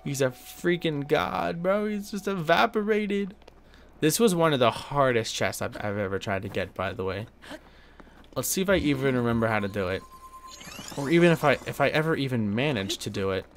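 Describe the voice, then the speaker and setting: Animated young man doing let's-play banter. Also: mid-range voice, moderate pace, a little hiss or hum. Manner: jokey and animated, talks to viewers. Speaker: gaming streamer.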